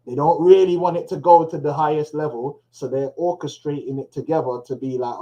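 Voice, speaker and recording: Guy riffing on news clips, slangy and loose, mellow voice, kinda high. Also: steady tone, a little fast, hardly any pauses, rough recording. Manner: loose, slangy, laughs to himself. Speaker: commentator. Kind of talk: casual commentary on played clips. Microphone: headphones on.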